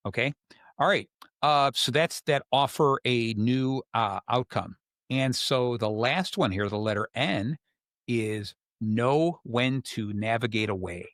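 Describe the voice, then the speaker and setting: A man hosting a podcast, calmly explaining advice and telling a story in a relaxed, conversational way. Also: mid-range voice, no room sound, clean studio sound. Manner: calm, explanatory, tells stories. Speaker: podcast host. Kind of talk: casual coaching talk.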